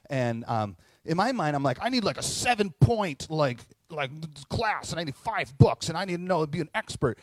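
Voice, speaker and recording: Animated man preaching with lively pitch. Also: no room sound. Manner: animated, self-mocking storyteller with bursts of loud excitement. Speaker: pastor. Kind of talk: sermon with personal story.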